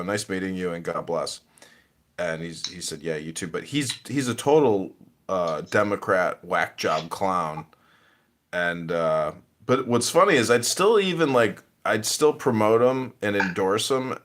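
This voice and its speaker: Podcast host guy, blunt and swears a lot, pitch all over the place. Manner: animated, profane, mocking. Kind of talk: casual chat.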